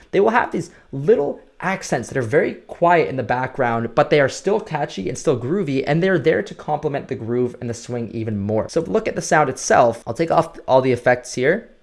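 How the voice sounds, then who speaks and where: A man's voice: medium pitch, gravelly. Casual man explaining music production. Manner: casual explanatory, says "right?" and "like" a lot. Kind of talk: screen-recorded production tutorial.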